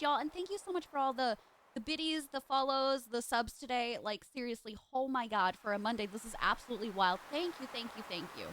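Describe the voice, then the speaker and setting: A woman's voice: a little high, a little fast, a bit bright, slight background noise. A young woman streaming a video game live, chatting casually in a playful, teasing way. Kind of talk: casual live gameplay chat.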